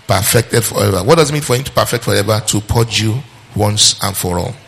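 A male preacher gives a sermon, reading scripture, quizzing his listeners, repeating phrases for emphasis, and slowing down on key verses. His voice is on the low side, creaky, and a bit bright.

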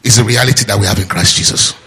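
A fairly low-pitched man with vocal fry and a slightly rough voice preaches very fast. Through call-and-response, he asks the congregation to finish his sentences, mixing lively teaching with asides and laughter.

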